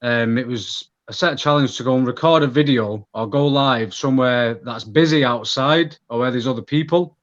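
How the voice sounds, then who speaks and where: A man with a Manchester accent, a podcast guest chatting casually about himself in a relaxed, rambling way. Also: medium pitch, normal speed, hardly any pauses, dull audio. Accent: Mancunian. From England. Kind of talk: casual conversation.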